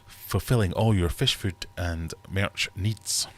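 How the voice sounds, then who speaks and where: Man, british accent, thirties, very low voice, rambling livestream host, jokey, reads chat aloud. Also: slow, fairly bright tone. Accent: British English. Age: 30s. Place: home fish room.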